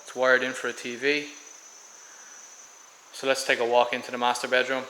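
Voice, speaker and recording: A man's voice: medium pitch, flat delivery, moderate pace, pushed and bright, a little hiss or hum, poor audio. An Irish man casually showing viewers around a house for sale, rambling a bit with ums and restarts as he walks from room to room. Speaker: vlogger giving a property tour. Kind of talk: casual walking house tour. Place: in and around a house on a tropical island.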